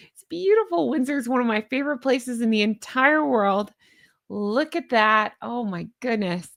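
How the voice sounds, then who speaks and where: A woman with a Southern American accent, chatting in a gushing, giddy way as she comments on royal news. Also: fairly high pitch. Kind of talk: casual chat.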